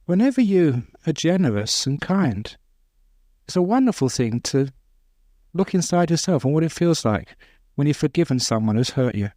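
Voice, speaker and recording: A man, a Buddhist monk, giving an informal dharma talk, telling stories with gentle humor and chuckling at his own jokes. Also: on the high side, big pitch swings, normal speed, dry recording, studio quality. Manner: conversational storytelling, with restarts. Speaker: Buddhist monk teaching meditation.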